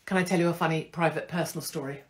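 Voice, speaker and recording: A woman's voice: deep voice, fairly even intonation, racing. Blunt, rambling woman. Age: middle-aged. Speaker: host. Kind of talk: casual live-stream chat.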